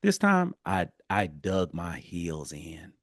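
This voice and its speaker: A man hosting a solo podcast, telling a personal story with animated swings and quiet, low drops for emphasis. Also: slow pace, no room sound, studio quality. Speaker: podcast host.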